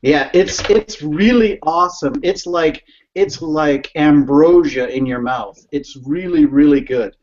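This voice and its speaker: A man's voice: on the high side, a little slow, a little mellow, muffled recording. A man on a casual video call, rambling through a story and laughing often. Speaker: guest.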